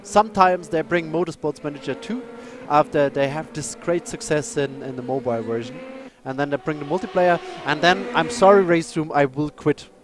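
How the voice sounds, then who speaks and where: A man who speaks natively, chatting and commentating a live sim race, excitable and apologetic. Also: fairly high pitch, moderate pace, few pauses. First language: German.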